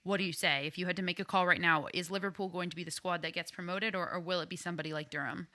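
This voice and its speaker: A woman hosting a casual sports podcast, upbeat and playful. Her voice is bright and forward, recorded close and dry with no room sound. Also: lowish voice, steady tone, rapid-fire, no echo. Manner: enthusiastic, playful. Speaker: podcast co-host.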